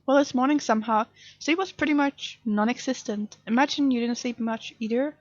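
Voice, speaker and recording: A sleepless, guilty young woman answers her friends' worried texts, as a woman reads them aloud. The voice is fairly high, with a dull, dry sound. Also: brisk, dry recording, close to an everyday voice. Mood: weary. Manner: reading text messages aloud, subdued. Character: tired, guilty grieving woman texting friends.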